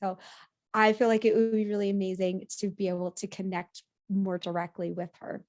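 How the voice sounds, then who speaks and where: A woman speaking as a podcast guest in a casual interview, animated, laughing easily and often restarting her sentences. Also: mid-range voice, a little fast.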